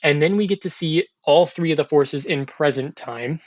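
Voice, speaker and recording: A man's voice: fairly high pitch, normal speed, highs cut off. A man casually recapping a TV episode in a chatty, loose way, with lots of fillers and restarts. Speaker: TV episode reviewer.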